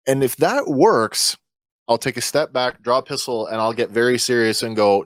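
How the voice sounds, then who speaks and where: A man playing a tabletop game, thinking out loud in a rambling, casual way. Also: mid-range voice, moderate pace, dry recording, clean studio sound. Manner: rambling, full of fillers and restarts. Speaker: player.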